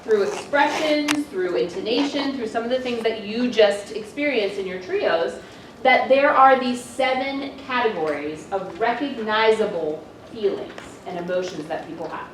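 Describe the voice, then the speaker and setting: A woman's voice: on the high side, normal speed, a little hiss or hum. A woman co-leading a coaching workshop, explaining points and thinking aloud as she goes. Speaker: co-facilitator. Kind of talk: classroom instruction. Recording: echoey room from far off.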